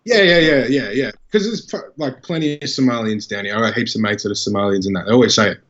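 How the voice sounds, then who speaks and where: A man's voice: medium pitch, quick pace, fairly bright tone, highs cut off. A man with an Australian accent, hosting a podcast in a laid-back, casual way with plenty of swearing. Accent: Australian English.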